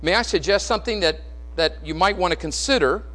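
A man preaching a sermon in an earnest, storytelling way, rising loud and dropping quiet. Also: sits high, brisk, rough recording. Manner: earnest, storytelling, swings between raised and hushed delivery.

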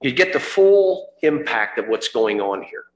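A man's voice: medium pitch, very animated, measured pace. Impassioned preacher man in an echoey room. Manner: dramatic, rising to fervent cries when quoting Jesus. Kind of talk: sermon.

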